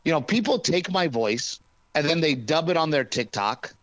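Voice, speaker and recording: A male comedian chatting as a guest in an interview, telling stories with lively acted-out quotes. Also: on the high side, normal speed, no echo, poor audio. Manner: animated storyteller, acts out arguments. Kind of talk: casual interview chat.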